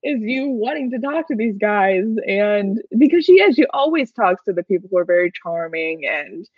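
A woman's voice: medium pitch, breathy edge, no room sound. A woman co-hosting a podcast, chatting enthusiastically in a casual fan recap. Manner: animated and enthusiastic, quick asides with laughs. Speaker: podcast co-host. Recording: dry, dull lo-fi recording.

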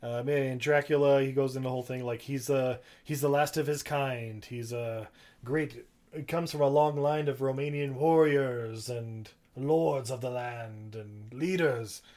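A man's voice: medium pitch, fairly even intonation, measured pace, a little mellow. A man co-hosting a podcast, recapping a movie in loose, rambling chat and swearing freely. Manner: rambling, laughing, profane. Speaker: podcast co-host.

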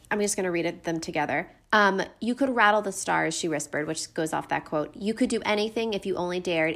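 A woman co-hosting a podcast, talking animatedly and emotionally about a book series and dropping "like" often. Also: on the low side. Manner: animated, emotional, says "like" a lot. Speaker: podcast co-host. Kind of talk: casual book discussion.

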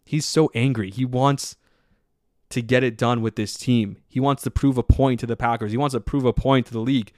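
A man hosting a solo sports podcast, talking in an excitable, rambling way with lots of filler words. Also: mid-range voice, normal speed, dry recording, studio quality. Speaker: podcast host.

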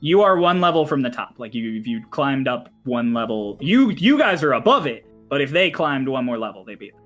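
A man's voice: mid-range voice, big pitch swings, fairly quick, fairly bright tone, soft background music. A man narrating a tabletop game as game master, in a loose, chatty way with many fillers.

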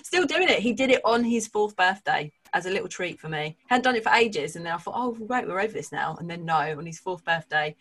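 A woman's voice: lowish voice, animated, brisk, few pauses, a bit bright. A woman in her thirties from England, chatting candidly about parenting with frequent laughter. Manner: candid, laughing, swears casually. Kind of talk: casual chat.

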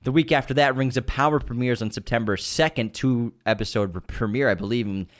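A man's voice: mid-range voice, brisk. A man with a nasal voice hosting a podcast in casual chat, enthusiastic and full of restarts. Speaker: podcast host.

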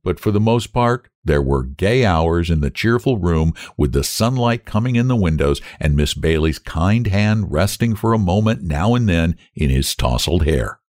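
A male narrator reads a story aloud in an expressive storytelling manner. His voice sits on the low side but moves lively up and down. The recording is dry and close. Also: normal speed, few pauses, dry recording. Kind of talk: audiobook narration.

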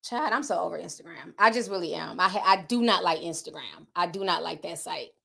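A woman's voice: fairly low pitch, lively intonation, a little fast, creaky, sharp tone. A woman livestreamer reading out viewer donations in a casual, candid and outspoken way.

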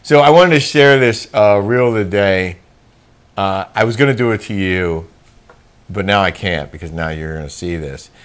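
A middle-aged man co-hosting a casual chat show, telling stories with an animated delivery and frequent laughs. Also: lowish voice, normal speed, clean tone. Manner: animated storytelling, laughs often. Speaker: co-host.

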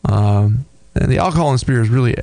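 A man co-hosting a beer podcast, casually describing a tasting in a thoughtful, halting way with many fillers. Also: mid-range voice, expressive, gravelly, warm tone, dry recording. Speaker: podcast co-host reviewing beer.

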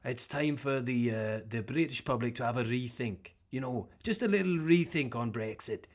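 A man's voice: mid-range voice, moderate pace, close to an everyday voice. Male comic doing a sing-song Welsh politician, talks down like a teacher. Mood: patronizing. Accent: Welsh, put on.

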